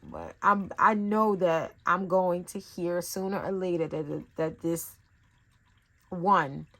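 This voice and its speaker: Speaking slowly in a lowish voice, a woman rambles through a casual tarot reading with lots of fillers. She tells her stories in a lively way, acting out little asides as she goes.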